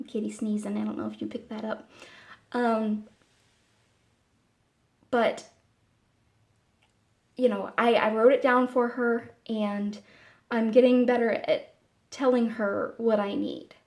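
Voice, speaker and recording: A woman talking casually to camera in a personal vlog, meandering and halting, with many fillers and restarts. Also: on the high side, steady tone. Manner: soft and candid. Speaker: vlogger.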